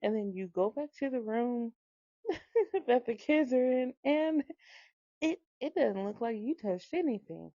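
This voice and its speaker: Gravelly, slow-talking mom telling stories. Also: female voice, a little high, no echo, lo-fi sound. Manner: animated, laughing, repeats herself for effect. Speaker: mother telling a story. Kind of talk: casual storytelling.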